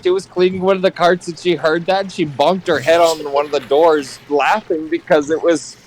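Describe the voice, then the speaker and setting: A man's voice: fairly high pitch, steady tone, moderate pace, a little hiss or hum, rough recording. A man telling casual stories in voice chat with a dry, sarcastic manner. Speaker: friend in voice chat. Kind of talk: casual storytelling.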